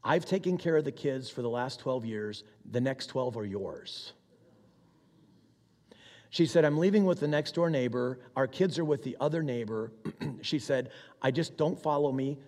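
A man of middle pitch preaching in a large hall whose long reverb trails each phrase. He tells a personal story in a conversational way, voicing the other people in it, and clears his throat often. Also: moderate pace, a little mellow. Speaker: military chaplain. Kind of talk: sermon storytelling.

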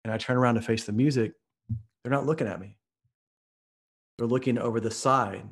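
A man's voice: mid-range voice, a little fast, breathy edge. A man from Oklahoma, a podcast guest, telling a story in an earnest, vivid way. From Oklahoma, US Midwest. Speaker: podcast guest, author and speaker. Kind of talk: storytelling in conversation.

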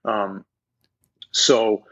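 A man's voice: on the low side, flat delivery, extremely slow, pushed and bright. A man, a voice actor guest chatting casually and rambling in an interview, laughing easily. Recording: dull lo-fi sound.

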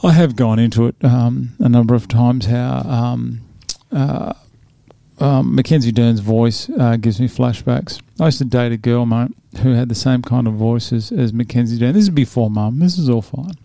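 Man, 40s, relaxed chatty host, gravelly low-toned voice, dry close sound. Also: moderate pace, dry recording. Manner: chatty, laid-back, laughs often. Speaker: podcast host previewing fights. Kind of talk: casual chat.

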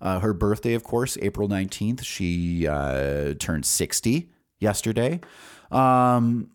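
A man's voice: on the low side, expressive, takes it slowly, clear, resonant tone. A man in his forties hosting a podcast, telling a personal story in a rambling way full of fillers and restarts. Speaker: podcast host.

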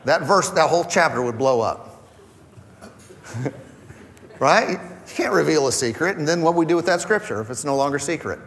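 A man's voice: a little high, expressive, normal speed, long pauses, a bit bright, big-room sound. A man preaching a conversational sermon as pastor, acting out quoted voices as he goes. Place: church hall.

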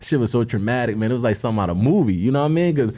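A man's voice: medium pitch, lively intonation, rapid-fire, warm tone. A man, a guest musician from Philadelphia, telling a story in casual street slang with lots of "you feel me.".

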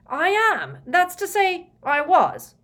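A man's voice: very high voice, wildly swooping pitch, slow, bright, forceful tone, pitched above the performer's own voice, heavily acted. A woman voicing a flustered middle-aged male prime minister who stammers anxiously.

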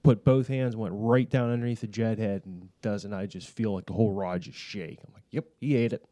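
Co-host, man, dry close mic, laughs a lot, quick play-by-play recounting. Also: on the low side, fairly even intonation, warm tone, no room sound. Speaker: podcast co-host. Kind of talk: casual fishing chat.

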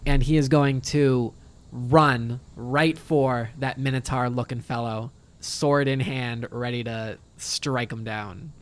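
A man's voice: mid-range voice, steady tone, slow pace. A man playing a tabletop role-playing game, describing his character's moves and making wry, jokey remarks. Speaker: player. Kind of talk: casual tabletop play.

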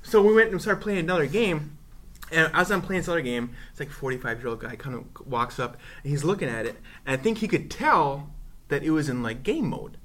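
A man's voice: fairly high pitch, a little fast. A man casually telling a funny story on a podcast, laughing and acting out the people in it. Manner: animated, laughing, acts out voices.

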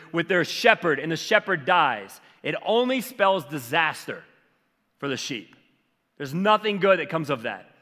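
Bright-voiced pastor preaching in a hall. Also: male voice, a little high. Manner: conversational preaching, animated and emphatic. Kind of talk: sermon.

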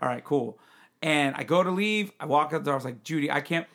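A man's voice: on the high side, fast talker. A young man hosting a podcast, telling a story in casual chat and acting out the voices of people in it. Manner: animated, acts out quoted voices and laughs often. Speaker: podcast host.

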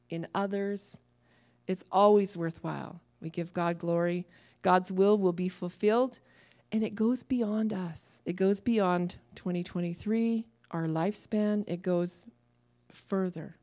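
A woman preaching a sermon to a church, lively and laughing at her own asides. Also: fairly low pitch, vocal fry.

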